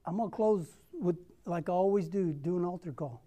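A young man preaching a sermon, telling a personal story and acting out the dialogue with lively energy. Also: high-pitched, a little fast. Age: young adult. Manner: repeats a rallying question.

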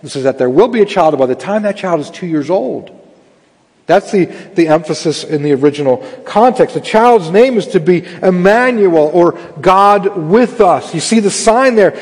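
A pastor delivers his sermon in a husky, slightly raised voice. His earnest words ring through a church hall with a long tail of reverb. He leans hard on key phrases as he builds his point. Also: high voice, darkish tone. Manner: earnest preaching, rising to emphatic stress.

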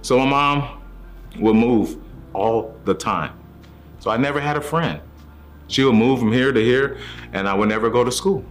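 With soft music underneath, a testimony speaker earnestly recounts his journey of faith and voices the other characters himself. He has a mid-range voice, talks at a normal speed, and leaves long pauses.

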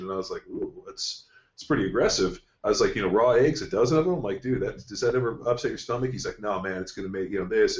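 A man hosting a casual podcast, telling stories in a blunt, profane way. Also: lowish voice. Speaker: podcast host, strength coach. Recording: dull, roomy studio sound.

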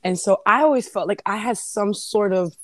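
Woman, casual talker, lively storyteller who acts out voices, dry close mic. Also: mid-range voice, normal speed, dry recording. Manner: animated storyteller, acts out quotes. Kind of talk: casual chat.

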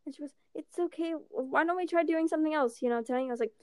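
A high-voiced young woman tells a casual story with animated energy, slipping into the voices of people she quotes. Her voice is recorded close and dry, with no room echo. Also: quick pace, few pauses. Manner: animated, acts out quotes, swears.

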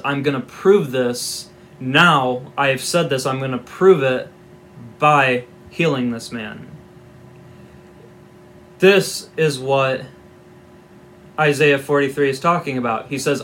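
Man, informal Bible teacher, mid-pitched voice, wry asides, reads scripture aloud, talks conversationally. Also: fairly bright tone, a little hiss or hum.

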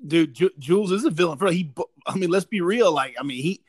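A man's voice: high-pitched, lively intonation, fast, husky, no echo. A man, co-hosting a podcast in casual chat, rambling with many restarts. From South Carolina Lowcountry. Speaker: podcast co-host.

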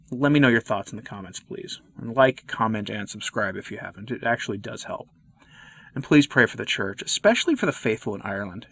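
Male video host, earnest scripted delivery, average pitch, dry untreated room. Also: fairly bright tone, husky, no echo. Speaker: Catholic commentary video host. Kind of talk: scripted commentary to camera.

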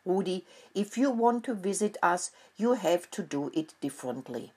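A woman's voice: lowish voice, animated, normal speed, a little mellow, slightly rough. A woman voicing an anxious, fussy father mouse in a storybook, talking in a raised, urgent and scolding way. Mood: explaining.

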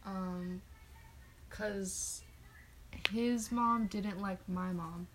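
A woman's voice: medium pitch, steady tone, extremely slow, noisy background. A young woman co-hosting a casual podcast chat, talking loosely with lots of fillers and restarts. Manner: chatty, many fillers and restarts. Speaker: podcast co-host.

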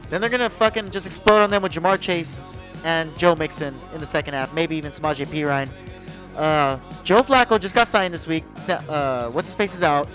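Brief: man co-hosting a sports podcast, animated and profane, faint music underneath. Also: on the high side, a little fast, rough recording. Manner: animated, swears, argues picks. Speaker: podcast co-host. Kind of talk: casual sports chat.

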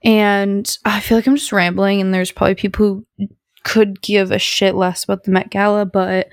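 A woman's voice: medium pitch, little pitch movement, moderate pace, dry recording, clean studio sound. A young woman hosting a podcast at home, chatting casually in a rambling, bubbly, self-deprecating way. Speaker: podcast host. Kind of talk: casual solo chat.

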